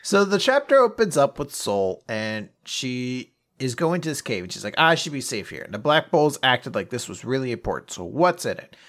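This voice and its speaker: A man's voice: mid-range voice, very animated, normal speed, hardly any pauses. Man rambling in a casual podcast chat. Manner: rambling, swears freely, trails off. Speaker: podcast co-host.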